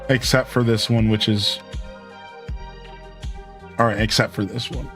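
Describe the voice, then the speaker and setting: A man's voice: on the low side, steady tone, unhurried, music in the background. A young man streaming a game, chatting casually and retelling a story with lots of fillers. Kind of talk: casual chat while playing.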